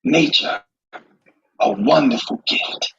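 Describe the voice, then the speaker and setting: A man putting on the voice of a reverent wildlife documentary narrator, with a grand, solemn, drawn-out delivery. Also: fairly bright tone, lo-fi sound.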